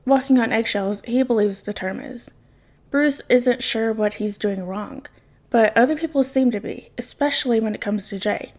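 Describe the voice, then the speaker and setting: A woman reading a fan fiction story aloud in soft, unhurried narration. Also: a little high. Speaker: podfic reader.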